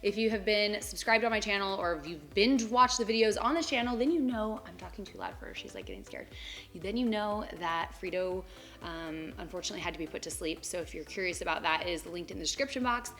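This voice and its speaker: A woman's voice: mid-range voice, fairly quick, fairly bright tone. A young woman vlogging about her pets at home, talking casually and slipping into baby talk with them. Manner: chatty, coos and baby-talks to her pets. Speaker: pet vlogger. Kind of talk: casual chat. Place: home, on the couch.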